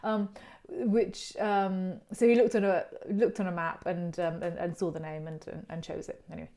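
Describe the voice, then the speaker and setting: A woman's voice: lowish voice, level tone, normal speed, dark tone. A woman hosting a casual educational chat, talking in a friendly, digressive way and wandering off into personal stories. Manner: chatty and digressive, telling stories on herself. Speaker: host of an online art channel's chat series.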